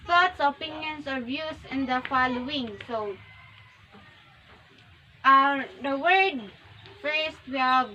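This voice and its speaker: A young woman giving a demo classroom lesson, explaining slowly with frequent restarts and repetition. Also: sits high, sharp tone, a little hiss or hum, poor audio. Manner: slow, repetitive, self-correcting classroom explanation. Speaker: teacher. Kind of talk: demo micro-teaching lesson.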